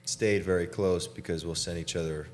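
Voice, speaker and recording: A man's voice: low voice, fairly even intonation, moderate pace, soft background music. A young man hosting a casual chat with a teammate, laid-back and chatty, laughing often and saying "dude" a lot. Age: young adult. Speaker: podcast host and college basketball player.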